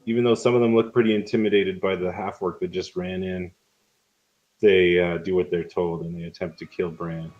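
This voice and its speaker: A man narrating and running combat as the game master of a tabletop game, casual and quick with rules calls. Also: sits low, flat delivery, highs cut off.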